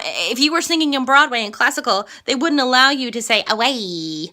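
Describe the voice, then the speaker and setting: A classically trained woman teaching a singing lesson, explaining slowly and singing lines to demonstrate. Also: a little high, lively intonation, pushed and bright. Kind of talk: vocal lesson with sung examples.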